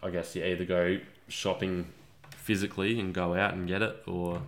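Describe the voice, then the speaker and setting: A man's voice: sits low, flat delivery, normal speed. A young man co-hosting a podcast, chatting casually and rambling with laid-back, trailing sentences. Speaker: podcast co-host. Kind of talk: casual chat.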